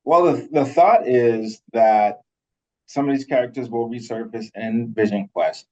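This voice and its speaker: A man's voice: medium pitch, a little slow, darkish tone, highs cut off. A man co-hosting a podcast in casual chat, laughing often and swearing loosely. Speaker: podcast co-host.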